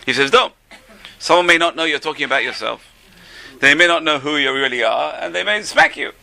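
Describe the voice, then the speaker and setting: A man's voice: fairly high pitch, fast talker, vocal fry, sharp tone. An older man teaching an informal religious class, a chatty, joking storyteller.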